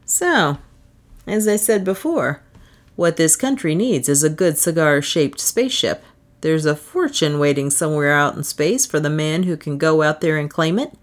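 A woman reading a short story aloud with an expressive delivery, and then commenting on it casually. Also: low-pitched. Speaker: story reader.

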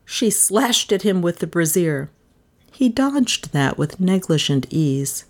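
Lively woman reading a story aloud. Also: on the low side, takes it slowly. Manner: expressive, animated reading. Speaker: audiobook narrator. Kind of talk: storybook narration.

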